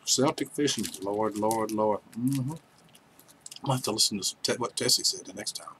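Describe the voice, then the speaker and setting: Chatting casually with his live viewers, a livestream host jokes around and reads their names out loud. He has a fairly low pitch and moderate pace, and there's background noise.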